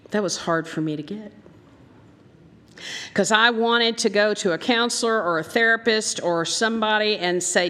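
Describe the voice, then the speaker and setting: A woman's voice: mid-range voice, a bit bright. A woman minister with a Southern American accent preaching a sermon, telling stories animatedly and acting out the voices she quotes. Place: church sanctuary. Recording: long hall reverb.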